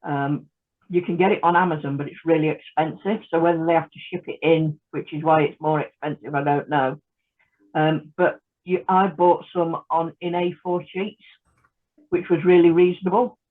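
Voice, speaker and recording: A woman chatting casually as a guest on a video call, hesitant with many pauses and restarts. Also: deep voice, fairly even intonation. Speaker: guest creator. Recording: tinny phone-like video call line.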